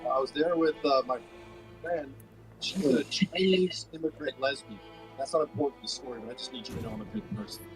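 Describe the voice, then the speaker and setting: A male stand-up comedian with a fairly high voice, delivering jokes in a brisk deadpan. Faint music plays underneath. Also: low-quality recording. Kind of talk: stand-up set and guest chat.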